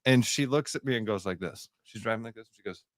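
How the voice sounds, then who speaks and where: A man's voice: lowish voice, quick pace, no echo, clean studio sound. A radio co-host, a man, telling stories in casual morning banter and acting out the people in them. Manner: animated storyteller, acts out quotes.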